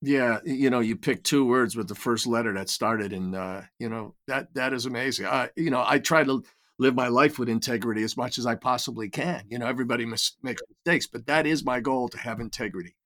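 Older guy chatting on a podcast, keeps restarting his sentences, mid-pitched voice. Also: fairly quick, fairly bright tone. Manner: reflective storytelling with many restarts. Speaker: guest, writer and creator. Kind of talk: casual interview chat.

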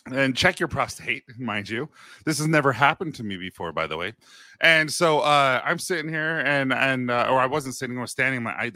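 Bright-voiced man in his thirties. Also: mid-range voice, dry recording. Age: 30s. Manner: candid, self-deprecating storyteller. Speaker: podcast co-host. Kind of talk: casual storytelling chat.

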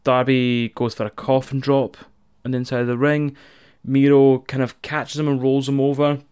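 A man with a Scottish accent recapping a wrestling show in casual, profane, animated chat as a podcast co-host. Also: mid-range voice, moderate pace, clean tone.

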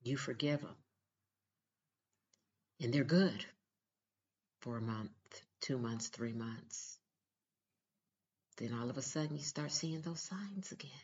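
A woman's voice: rumbling low, takes it slowly, long pauses, a little mellow, slightly rough, highs cut off. Earnest woman giving blunt advice. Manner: earnest, emphatic, direct. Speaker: mother giving relationship advice. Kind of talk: casual advice vlog.

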